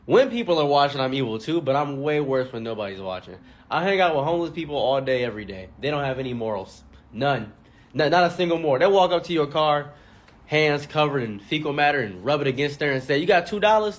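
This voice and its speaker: A commentary YouTuber telling a comic story, animated and joking, acting out every character he mentions. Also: medium pitch. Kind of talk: comedic storytelling.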